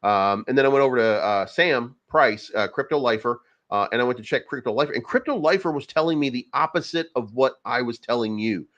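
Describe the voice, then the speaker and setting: A man's voice: medium pitch, expressive, fairly quick, a bit bright, muffled recording. A man hosting a casual crypto livestream, rambling and profane, with many fillers and restarts. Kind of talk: casual livestream market commentary.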